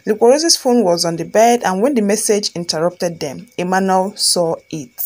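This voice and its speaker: A woman's voice: medium pitch, normal speed, a little mellow. A woman reading a fan-written love story aloud as its storyteller, keeping her own voice for every part.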